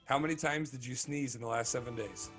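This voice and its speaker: A man hosting a casual podcast quiz game, firing off quick questions and laughing often. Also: mid-range voice, a bit bright, soft background music.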